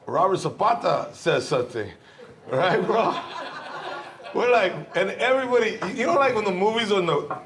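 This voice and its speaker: A man hosting a comedy podcast, loudly telling a story about his friends with lots of swearing and laughing. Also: high voice, gravelly, slight background noise. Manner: animated, laughing, swearing, bro slang. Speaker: podcast host. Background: crowd laughing.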